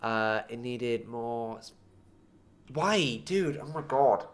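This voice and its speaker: A man's voice: mid-range voice, lively intonation, takes it slowly. A young man commenting casually on his own gameplay, muttering to himself and breaking into frustrated outbursts. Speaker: gaming streamer.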